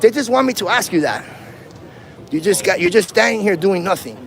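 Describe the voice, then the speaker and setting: A man's voice: sits high, expressive, fairly quick, vocal fry, fairly bright tone. A man auditing police on a livestream, talking in a taunting, provocative, slangy way while filming on a handheld phone outdoors in a city. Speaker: first amendment auditor. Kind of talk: livestreamed street confrontation.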